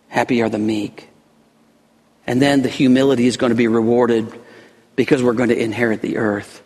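A man preaching a sermon as pastor, impassioned, swinging between soft passages and loud, rising emphasis. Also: mid-range voice. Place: church sanctuary. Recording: long reverb of a large room.

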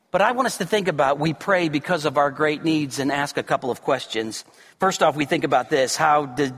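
A bright, high-pitched man preaching earnestly to his congregation. His sermon swings between near shouts and hushed low passages. The sound carries a long hall reverb from the church sanctuary. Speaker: pastor.

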